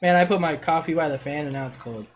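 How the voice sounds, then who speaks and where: A man's voice: a little high, fast, slight background noise. A middle-aged man on a casual livestream, gushing and swearing as he reviews player builds.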